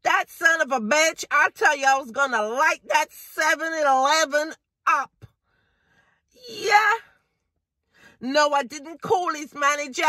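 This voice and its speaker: A woman's voice: sits high, pushed and bright, dry recording, heavily acted. An actress playing a fed-up working woman who rants indignantly and profanely to a friend on the phone. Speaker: caller venting to a friend. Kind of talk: low-budget drama monologue.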